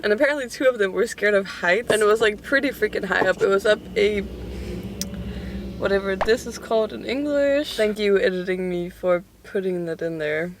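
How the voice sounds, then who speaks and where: A woman's voice: medium pitch, a little hiss or hum. A young woman in her twenties chatting candidly at home while eating and showing off a haul, swearing and laughing often. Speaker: vlogger.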